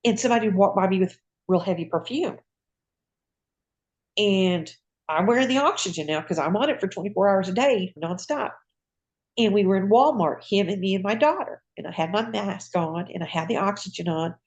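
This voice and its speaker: A woman's voice: mid-range voice, animated, brisk. An older woman, a retired nurse, telling her story in a casual interview, acting out dialogue and laughing often.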